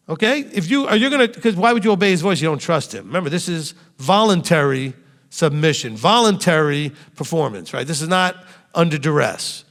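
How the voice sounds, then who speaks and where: A man preaching as a rabbi, his slightly high voice leaping up and down as he fires rhetorical questions at the congregation. He speaks in a room full of listeners. The sound carries a long, echoing hall reverb. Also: brisk. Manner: animated, asks the congregation direct rhetorical questions. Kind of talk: sermon.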